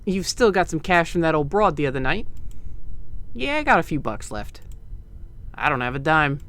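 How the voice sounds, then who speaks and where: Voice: medium pitch, big pitch swings, normal speed, a bit bright. A streamer putting on brash East Coast gangsters. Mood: swaggering. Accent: put-on vague American East Coast. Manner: tough-talking, swaggering drawl. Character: rough small-time 1920s gangster men, brash. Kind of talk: reading game dialogue aloud in character.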